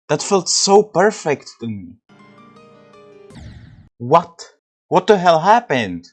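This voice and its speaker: A man's voice: on the high side, expressive, slow, long pauses, slightly rough, soft background music. A man giving casual commentary over his own gameplay, exasperated and swearing often.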